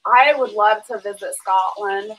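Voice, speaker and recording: A woman's voice: mid-range voice, measured pace, a bit bright, slight background noise, low-quality recording. A woman hosting a casual live stream, chatting and reading out viewer comments. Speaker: homestead channel host.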